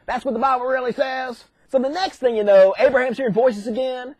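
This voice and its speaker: A man's voice: very high voice, fairly even intonation, brisk, a little mellow, no room sound. A man retelling old stories as profane, sarcastic comedy, slipping into mocking voices of the characters. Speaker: comedy commentator.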